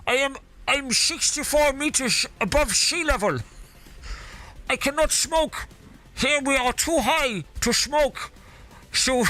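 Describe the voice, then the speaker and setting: A man putting on a mock Dutch accent as a breathless Dutchman boasting about a tiny hill, in a slow, high, exaggerated drawl. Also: bright, forceful tone, heavily acted.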